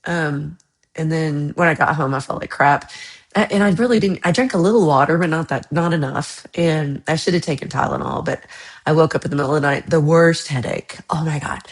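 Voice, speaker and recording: A woman hosting a livestream chat, casually rambling about her week with frequent laughs, sounding a little under the weather. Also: low voice. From United States. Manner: chatty, rambling, laughs often. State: slightly unwell after a bad night. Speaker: livestream host. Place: home.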